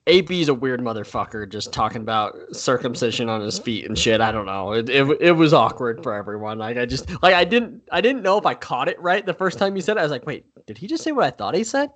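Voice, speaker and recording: A man's voice: mid-range voice, lively intonation, fast talker, hardly any pauses, a bit bright. A man co-hosting a football podcast, talking in a laid-back, blunt way and swearing casually. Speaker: podcast co-host. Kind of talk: casual chat about football.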